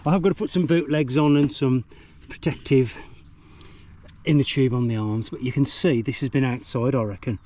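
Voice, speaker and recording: A man's voice: mid-range voice, fairly even intonation, normal speed, warm tone. A man giving chatty, meandering commentary outdoors while out riding and reviewing a mountain bike. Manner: chatty, meandering, self-deprecating. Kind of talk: rambling ride commentary. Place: outdoors on countryside trails.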